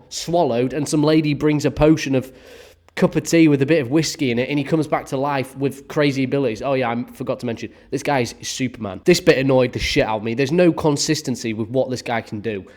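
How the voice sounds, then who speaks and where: A man's voice: medium pitch, fairly quick, a little mellow. Exasperated young man ranting. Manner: exasperated, swearing, sarcastic. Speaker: film reviewer. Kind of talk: casual ranting film review.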